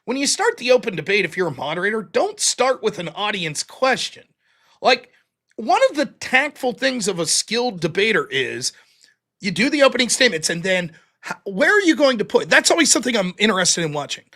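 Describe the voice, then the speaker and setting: Lively high-voiced man recapping a debate. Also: a little fast. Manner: animated, mocking, quotes opponents in put-on voices. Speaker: debater and show host.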